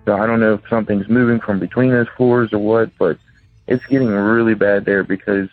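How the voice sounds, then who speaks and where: A man's voice: lowish voice, fairly even intonation, a little fast, soft background music. A man calling in by phone, rambling and hesitant as he tells a personal ghost story, full of restarts and fillers. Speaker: caller telling a ghost story. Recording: tinny phone line.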